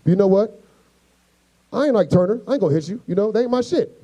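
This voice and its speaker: Animated, profane male stand-up comic. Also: high voice, fast, rough recording. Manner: animated, profane, acts out voices. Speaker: stand-up comedian. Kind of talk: stand-up comedy storytelling.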